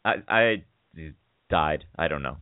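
A man's voice: extremely low pitch, lively intonation, a little slow, clean tone, dry recording. A man co-hosting a radio comedy show, tossing out dry wry asides and laughing often. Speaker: radio co-host. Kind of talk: casual comedy banter. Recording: dry tinny phone-like sound.

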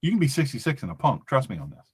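Fiery talk radio host. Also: male voice, mid-range voice, huge pitch swings, racing, breathy edge. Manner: impassioned, preachy, acts out little scenes in different voices.

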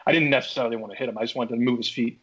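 A man from Philadelphia, a former baseball pitcher, telling a story in a casual chat and acting out his own reactions. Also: fairly even intonation, rapid-fire, breathy edge. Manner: acts out his own past reactions, many restarts. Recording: dull lo-fi podcast audio.

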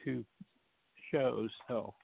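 Veteran stage actor, male, middle-aged, gravelly and measured, dry phone-like call audio. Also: medium pitch. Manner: halting, restarts, measured storytelling. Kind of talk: casual interview chat. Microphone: video call.

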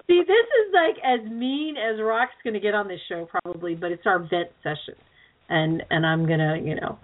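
A woman co-hosting a loose radio chat, talking at an everyday pitch with plenty of laughs and the odd curse. Her voice comes through a thin, phone-like line. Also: moderate pace. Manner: rambling, laughs often, swears. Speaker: co-host.

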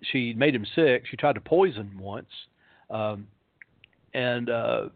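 Rambling pastor on a tinny phone line. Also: male voice, mid-range voice, slow pace, no echo. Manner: rambling, many ums and uhs. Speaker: pastor telling ghost stories. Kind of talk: storytelling on a talk show.

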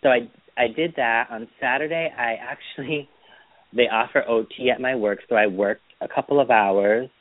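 In a mid-range voice at normal speed, a man co-hosting a podcast in Boston casually tells weekend stories. He acts out the people involved with put-on voices, and the sound is dry, like a phone line, with no echo.

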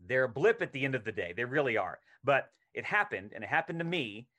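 A middle-aged man telling a long anecdote as a podcast guest. He talks casually and with energy, and he acts out the lines he quotes. His voice sits in a middle pitch. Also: sing-song, fast, bright, forceful tone. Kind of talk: casual storytelling interview.

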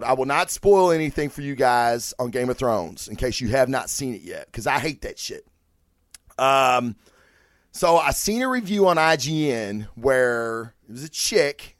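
A man's voice: on the high side, no echo, clean studio sound. A man hosting his own podcast, ranting casually with lots of swearing and restarts. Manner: profane, animated, rambling with restarts. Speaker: podcast host. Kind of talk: casual solo podcast rant.

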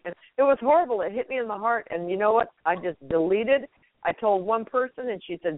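A woman talks fairly quickly in a mid-range voice, with no room sound but the tinny quality of a phone line. In this inspirational phone interview she serves as guest radio host, brimming with spiritual, uplifting encouragement.

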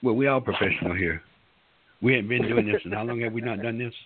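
A man's voice: fairly low pitch, fast talker, husky. A man co-hosting a casual online radio show, rambling and stammering playfully, heard over a phone line. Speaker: co-host.

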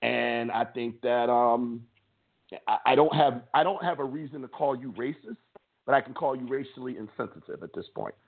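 A husky-voiced man co-hosts a sports show and rants with heat and emphasis, often stammering as he restarts his thoughts. His voice sits at an ordinary pitch for a man. The sound is thin and narrow, like a phone line. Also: moderate pace. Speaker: sports podcast co-host. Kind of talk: impassioned opinion rant. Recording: tinny phone-like audio.

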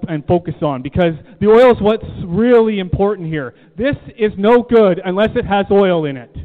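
Guy preaching w a high voice, repeats stuff for emphasis, tinny phone-ish sound w long echo. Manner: emphatic, repeats key phrases, asks the room questions. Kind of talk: sermon. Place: church room.

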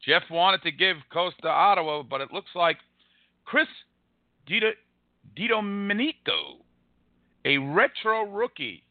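A man hosting a live card-pack break, rattling off names with excited, wisecracking commentary. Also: on the high side, a little slow, dry recording, narrow, tinny audio. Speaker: host opening card packs. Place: room across from an arena.

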